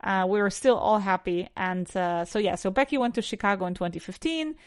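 A woman's voice: medium pitch, fairly quick, no echo, clean studio sound. A woman with a Spanish accent teaching English on a podcast, asking numbered questions and answering them in full sentences.

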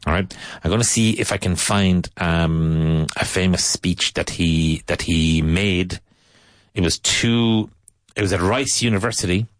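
Irish man, very low voice, dry close sound, patient teacher, casual explanation. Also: no room sound. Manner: patient, explaining, pausing to search for words.

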